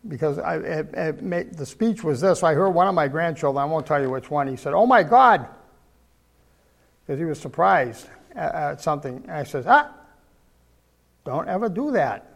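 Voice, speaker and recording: A man's voice: on the high side, fairly quick, vocal fry, hardly any pauses. An older man preaching a sermon, telling folksy stories and repeating words for emphasis.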